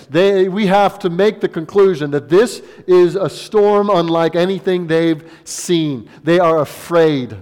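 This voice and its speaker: A man in his thirties, a pastor preaching a sermon with emphatic swings between loud exclamations and hushed asides. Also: on the high side. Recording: long reverb of a large hall.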